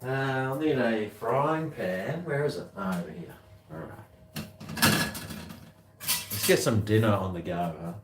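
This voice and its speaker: A man's voice: fairly low pitch, animated, measured pace, long pauses, roomy sound, distant mic, background noise. A man with an Australian accent, chatting bluntly and rambling while he cooks in his home kitchen, swearing freely. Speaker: cooking vlogger. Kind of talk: casual talk to camera while cooking.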